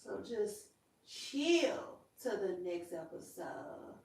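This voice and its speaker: A sassy, animated woman talks straight to her camera for her own channel. She says her punchlines twice for emphasis and calls out to her viewers. Her voice sits at a middle pitch for a woman. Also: drawn-out words. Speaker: vlog host. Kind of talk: casual celebrity gossip chat. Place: indoors, in front of a camera. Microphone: camera mic.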